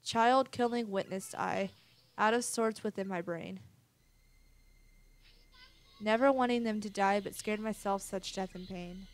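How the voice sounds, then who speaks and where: A woman voicing a haunted antique doll, reciting its remorseful verse in a slow sing-song. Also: medium pitch, natural voice.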